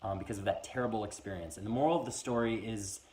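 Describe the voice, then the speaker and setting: A man in his twenties telling a funny personal story in a casual, animated way, acting out voices as he goes. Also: on the low side, fast. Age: 20s. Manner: animated, acts out every voice in the story. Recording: echoey room.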